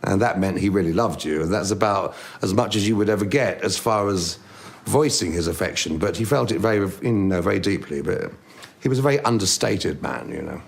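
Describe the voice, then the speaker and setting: Deep, gravelly man reminiscing fondly. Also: brisk. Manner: relaxed, fond storytelling with fillers. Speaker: interviewee. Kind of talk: reminiscing interview.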